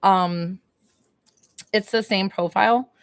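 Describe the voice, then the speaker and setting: A woman from New York giving a spiritual reading to a livestream audience. She gushes, laughs easily and keeps calling out to viewers in a middle-pitched voice. The sound is dry and close, like a phone held near. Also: steady tone, takes it slowly, clear, resonant tone, no room sound. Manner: gushing, laughs often, talks to viewers. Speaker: psychic medium.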